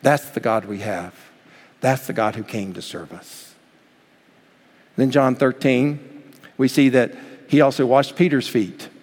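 Preacher with a ringing hall echo. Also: male voice, mid-range voice, unhurried, long pauses, husky. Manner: preaching with dramatic swings between loud and hushed; acts out quoted voices in the story. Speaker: pastor. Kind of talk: sermon.

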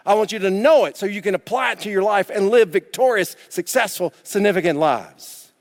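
A man preaching a sermon as pastor, emphatic and repetitive, dropping suddenly to quiet. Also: sits high, brisk, long reverb tail.

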